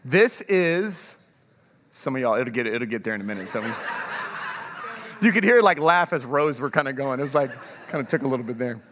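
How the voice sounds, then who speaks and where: A male pastor giving an energetic sermon in a large church, drawing the congregation to answer back. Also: mid-range voice, moderate pace, big-room sound, slight background noise. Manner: energetic, calls for congregation response.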